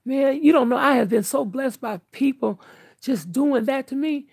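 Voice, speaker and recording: A woman's voice: high-pitched, moderate pace, vocal fry, a little mellow, breathy edge, no room sound. An older woman talking candidly to her viewers in an earnest, emphatic, outspoken way. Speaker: vlogger.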